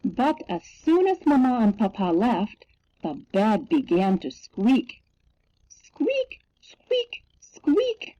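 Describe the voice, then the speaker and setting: A woman reading a picture book aloud in a slow, expressive storytelling manner. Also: medium pitch. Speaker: storybook reader. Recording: dull lo-fi recording.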